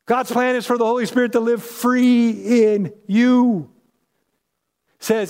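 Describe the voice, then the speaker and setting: A man's voice: sits high, measured pace, a little mellow, in a large hall. A man preaching as a pastor, teaching scripture in an emphatic, conversational way that keeps checking in with his listeners. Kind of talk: sermon, Bible teaching.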